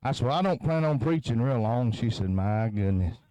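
A man's voice: mid-range voice, expressive, fairly quick, mellow, dry recording, poor audio. A man preaching at a tent revival into a handheld microphone, punctuating his phrases with a chanted "huh?" as he builds intensity. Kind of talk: revival sermon.

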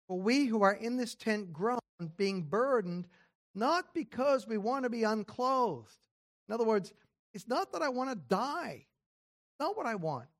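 Preacher going verse by verse, reads a passage then explains it plain, asks the room questions, mid-pitched voice. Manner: casual spoken phrasing with occasional throat clearing. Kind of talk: expository sermon.

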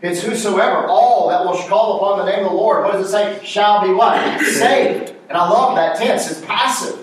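A high-pitched man preaches a sermon, prompting his congregation with call-and-response questions. His voice reaches the mic from a distance. It booms around a very echoey church hall. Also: fairly quick.

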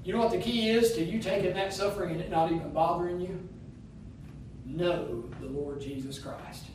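A man's voice: high voice, moderate pace, a little mellow, a little hiss or hum. A man preaching a sermon, his delivery emphatic, with rising phrases that slip into half-singing. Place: church sanctuary. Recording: distant mic in an echoey room.

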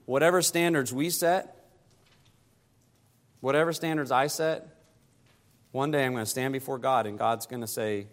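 A pastor preaching a sermon, climbing higher and louder to press his points and dropping soft and low to close them. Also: fairly even intonation, moderate pace, pauses often, big-room sound.

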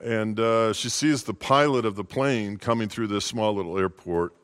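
A man's voice: on the low side, moderate pace, fairly bright tone, clear, resonant tone. A male pastor giving a short, informal holiday sermon in a folksy, conversational way.

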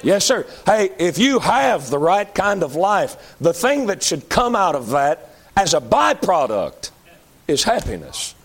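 A man preaching a sermon, moving between loud high-pitched calls and low pleading appeals. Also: sing-song, a little slow, husky.

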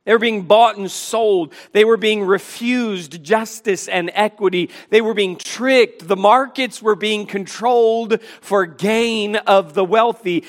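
A man's voice: sits high, fairly bright tone. A man preaching a sermon, emphatic as he quotes and explains scripture, with a sarcastic edge. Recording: long hall reverb.

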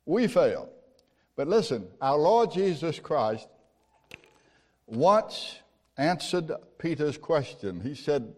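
A man's voice: a little high, sing-song, slow pace, pauses often. A man preaching a sermon, telling stories in a folksy, conversational way with rhetorical questions. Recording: long hall reverb.

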